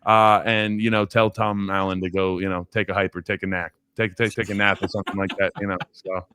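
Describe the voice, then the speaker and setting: A man's voice: low-pitched, level tone, fairly quick, sharp tone, a little hiss or hum. Laughing, rambling man talking football. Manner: rambling, self-deprecating, laughs while telling stories. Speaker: former college offensive lineman, guest. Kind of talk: casual sports podcast talk.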